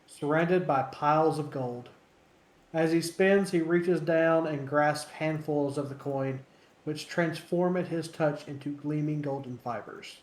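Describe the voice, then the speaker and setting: A man narrating a tabletop game as dungeon master, slow and full of hesitant fillers. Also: on the high side, echoey room.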